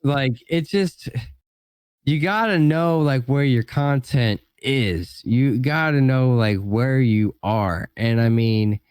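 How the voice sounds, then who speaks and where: A man chats as a guest on a relaxed podcast, in a mid-pitched voice recorded dry and close. He rambles loosely and leans on filler words as he thinks aloud. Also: takes it slowly, clean tone, no room sound. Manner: rambling, heavy use of "like" and "you know". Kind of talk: casual podcast chat.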